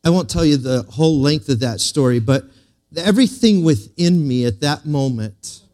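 A male pastor giving a sermon, telling a story and swinging from slow emphatic lines to quiet asides. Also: a little high, expressive.

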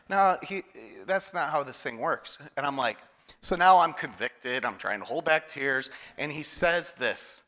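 A man's voice: fairly high pitch, animated, measured pace, bright, forceful tone. A male pastor preaching a sermon, telling a personal story and asking the congregation questions. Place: church hall. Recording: long hall reverb.

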